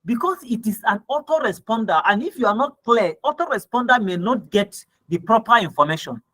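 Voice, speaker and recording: A Nigerian-accented man with a high-pitched, sharp voice talks a little fast and expressively. During a screen-share copywriting lesson, he reads ads aloud, explains them, and keeps asking "right?" and "okay?".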